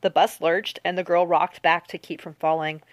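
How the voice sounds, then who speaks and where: Woman audiobook narrator, lowish voice, steady delivery, dry close mic. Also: moderate pace, no room sound. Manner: even, steady storytelling.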